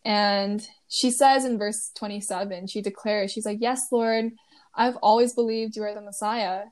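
A young woman casually retelling a Bible passage in a relaxed study chat, laughing lightly now and then. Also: on the high side. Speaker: co-host retelling a Bible story.

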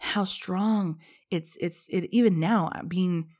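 Pregnant woman podcaster, lowish voice, rambly and candid, swears here and there. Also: slow, a little mellow. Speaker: podcast host. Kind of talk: casual personal monologue.

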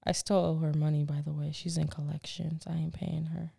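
A woman co-hosting a podcast in casual chat, telling stories in an animated, blunt way, swearing and laughing at herself. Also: low voice, brisk, gravelly, breathy edge. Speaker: podcast co-host.

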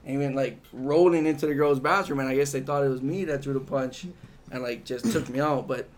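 A man's voice: mid-range voice, fairly even intonation, a little fast, a little hiss or hum. A young man from Hawaii in casual chat, telling a rambling, profane story and acting out what people said.

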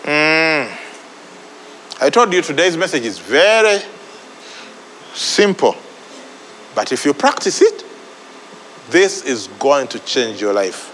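Pastor guy preaching, high bright voice, slow and swooping, soft music behind. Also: in a large hall, a little hiss or hum, rough recording. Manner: animated preaching, repeating lines for emphasis. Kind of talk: sermon.

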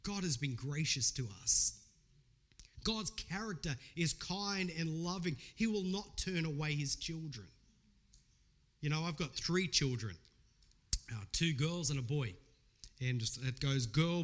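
A man's voice: on the high side, expressive, a little slow. A middle-aged man preaching a sermon as a pastor, earnest and conversational, weaving in personal stories.

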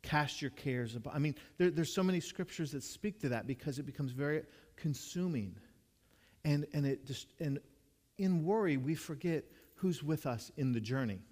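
A man's voice: fairly high pitch, normal speed, darkish tone. A man preaching a conversational sermon as a pastor, earnest and storytelling, often restarting and repeating his words. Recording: long reverb of a large hall.

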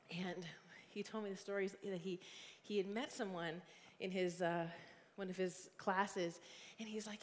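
A woman in her forties gives a sermon in an earnest, conversational way, thinking aloud with frequent fillers. Her voice sits at an ordinary pitch for a woman. It rings out with a long reverb, as in a large church hall. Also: a little mellow. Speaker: guest preacher and youth ministry leader. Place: church sanctuary.

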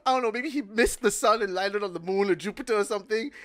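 A man's voice: high-pitched, quick pace. A man co-hosting a podcast in casual chat, laid-back and swearing freely. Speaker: podcast co-host.

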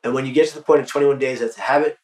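A man's voice: mid-range voice, fairly even intonation, rapid-fire, recorded from a distance. Male podcast host and motivational speaker with an emphatic delivery, recorded off-mic in a roomy space. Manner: emphatic, acts out his crowd chants loudly. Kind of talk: casual podcast conversation.

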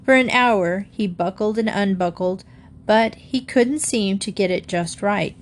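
A woman reading a children's book aloud to listeners in a gently expressive way. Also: mid-range voice, a little slow. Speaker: storyteller.

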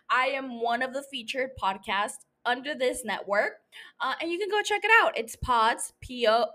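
A woman's voice: fairly high pitch, sharp tone. A young woman hosting her own podcast, chatting casually in a rambling, self-mocking way, swearing often and laughing. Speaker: podcast host. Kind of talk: casual solo podcast chat.

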